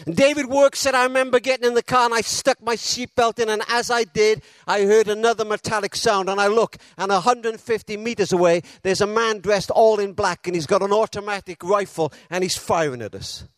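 A man preaching a sermon, telling a story with dramatic pauses and retelling quotes with feeling. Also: high-pitched, steady tone, fairly bright tone, dry recording.

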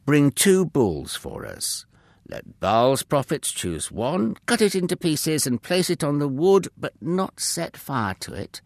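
A man's voice: on the high side, very animated, slow, gravelly, dry recording, voice pushed up, heavily acted. A man voicing a firm, fervent male prophet with emphatic, commanding calls in a storybook reading.

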